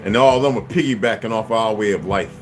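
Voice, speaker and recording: Angry profane man ranting loudly. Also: fast talker, music in the background. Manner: angry, profane, swings loud and high. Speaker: channel host. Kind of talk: profane rant to camera.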